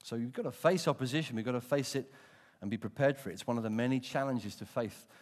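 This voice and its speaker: A man in his pulpit, preaching a sermon as a pastor. His middle-pitched voice tells stories with animation, swelling and then dropping to a hush for emphasis. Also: fast, big-room sound.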